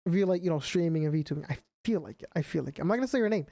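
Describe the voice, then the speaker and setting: Racing along with lively intonation, a young man chats casually while streaming a game, rambling and leaning heavily on fillers like "like" and "you know." His voice is on the high side and mellow with some vocal fry, recorded dry.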